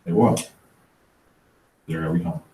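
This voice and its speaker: A middle-aged man giving a motivational talk at a real estate planning event, an animated storyteller who acts out the dialogue. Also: low voice, normal speed. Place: event room. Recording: echoey room, distant mic.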